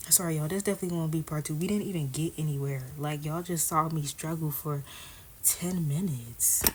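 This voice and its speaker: A woman's voice: lowish voice, darkish tone, slight background noise, low-quality recording. A woman vlogger chatting casually and candidly while she does her hair, often dropping into a half-whisper. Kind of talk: casual chat.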